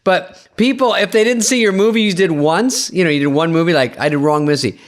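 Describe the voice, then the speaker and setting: A man's voice: high-pitched, a little fast. A man co-hosting a comedy podcast, telling show-business stories and acting out what people said to him. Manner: storytelling, quotes people with shifting voices. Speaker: podcast co-host. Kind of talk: casual comedy chat.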